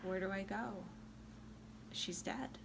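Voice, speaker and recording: A tipsy woman voicing a grieving young husband who speaks low and urgently. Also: takes it slowly, vocal fry, noisy background. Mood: despairing.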